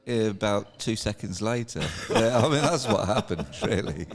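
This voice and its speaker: A man's voice: fairly low pitch, lively intonation, unhurried. A man from England in casual chat, telling rambling, sweary anecdotes and laughing as he goes. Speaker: guest. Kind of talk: casual bar chat, storytelling.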